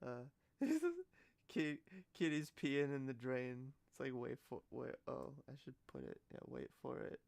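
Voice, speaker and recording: Giggly gravelly-voiced woman streamer. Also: very deep voice, fairly even intonation, a little slow, a little mellow, dry recording. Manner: giggly, gushing and exclaiming, trailing off mid-sentence. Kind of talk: casual live-stream reaction.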